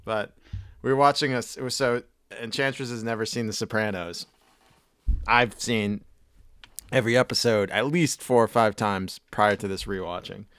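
A man's voice: on the low side, moderate pace, a bit bright, clean tone, no room sound. A man co-hosting a casual podcast chat, joking around and telling funny stories. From United States. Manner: joking, slips into comic accents. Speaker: podcast co-host.

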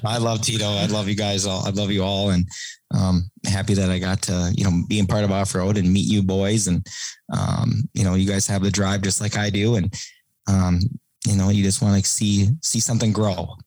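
A man's voice: sits low, level tone, normal speed, a little mellow, dry recording, rough recording. A man talking as a guest on a podcast, telling stories in a casual chat, laughing often and acting out what people said. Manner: laughing storyteller, acts out quotes.

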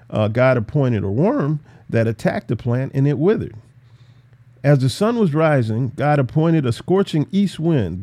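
A man teaching through a Bible passage in a casual, animated way, acting out the characters' lines. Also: mid-range voice. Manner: animated, voices biblical characters, laughs often.

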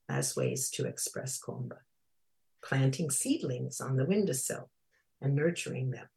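A speaker explaining Kwanzaa in an informal lesson, reading bits from a children's book, thoughtful, with pauses and fillers, slowly spelling out Swahili words. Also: mid-range voice, gravelly, a little mellow, breathy edge.

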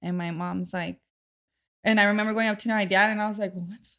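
A woman in her thirties hosting a casual podcast chat, telling animated stories, acting out voices and laughing often. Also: fast talker. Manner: animated storyteller, acts out voices with loud high bursts and laughter. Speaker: podcast host.

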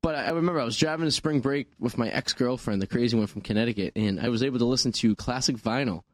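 A man's voice: medium pitch, quick pace, no echo, clean studio sound. A young man co-hosting a radio show, joking and rambling crudely. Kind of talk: casual banter radio talk.

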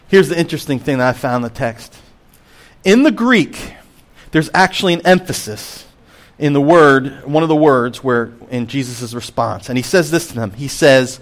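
A middle-aged pastor preaching a sermon in a slightly high voice. He moves between emphatic, lifted phrases and quiet, lowered ones. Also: fairly quick. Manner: expressive, swings between emphatic and hushed.

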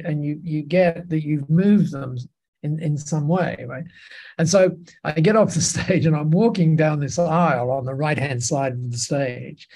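A man as a podcast guest telling lively anecdotes in a casual interview, with many restarts. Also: on the high side, creaky, breathy edge.

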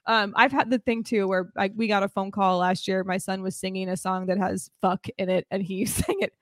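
A woman who is a teacher, chatting casually on a podcast in an animated way, often acting out quoted voices and laughing. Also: mid-range voice, fairly quick, few pauses, no echo, clean studio sound.

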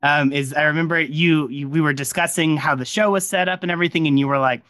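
Male podcast host, bright forceful tone, casual rambling interviewer. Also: fairly high pitch, fairly even intonation, fast, no room sound, studio quality. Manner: rambling, friendly tangents with many fillers. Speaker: podcast host and audio drama creator. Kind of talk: casual behind-the-scenes interview.

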